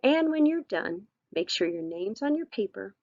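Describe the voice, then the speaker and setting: A woman's voice: medium pitch, big pitch swings, normal speed, darkish tone, dry recording, muffled recording. A woman teacher giving a recorded vocabulary lesson, patient and encouraging, with frequent ums and all-rights.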